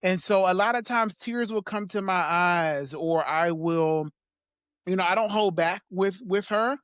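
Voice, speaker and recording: A man as a podcast guest, talking in a soft, halting way with small laughs as he reflects on personal memories. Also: sits high, clear, resonant tone, no room sound, clean studio sound.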